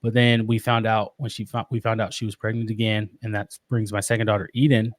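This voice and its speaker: A man in his thirties telling a personal story in casual conversation, animated and laughing often. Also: lowish voice, fairly quick, no room sound. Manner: animated, laughs often, acts out quoted voices. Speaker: podcast guest.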